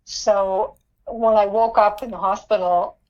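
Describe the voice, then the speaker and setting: A woman's voice: mid-range voice, fairly even intonation, measured pace, a little mellow, lo-fi sound. Earnest woman telling her story. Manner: earnest, repeats words, laughs often. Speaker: podcast guest. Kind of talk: interview storytelling.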